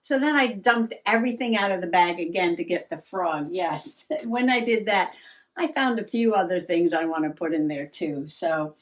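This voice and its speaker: A woman's voice: on the low side, moderate pace. A woman chatting and giggling as she works on a craft project. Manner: chatty, giggly, talks while working. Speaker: crafting vlogger. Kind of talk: casual crafting chat.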